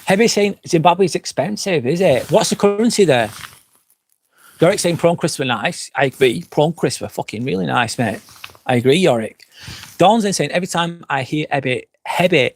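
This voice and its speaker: This English vlogger, slightly tipsy and hosting a live stream outdoors by a glamping fire pit, reads out comments and rambles off into profanity-laden rants. His pitch is fairly high and expressive, at a normal speaking speed.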